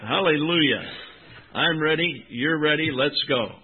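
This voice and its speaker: Male preacher, slightly high voice, emphatic scripture reading, thin phone-like recording. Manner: emphatic, drawn-out Bible reading, rising and dropping in volume; addresses listeners as "my friend" and "folks". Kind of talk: sermon.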